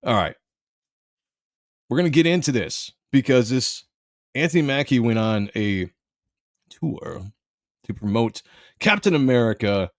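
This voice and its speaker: A man's voice: medium pitch, lively intonation, unhurried, long pauses, no room sound, clean studio sound. A man hosting a live stream, giving blunt, sarcastic commentary and reading viewer comments aloud. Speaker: live show host.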